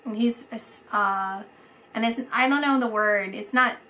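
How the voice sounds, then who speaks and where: Soft-spoken woman doing a psychic reading. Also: fairly high pitch. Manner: halting, searching for words, many fillers; soft, dreamy, drops to a whisper at times. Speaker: psychic reader. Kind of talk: casual spiritual reading.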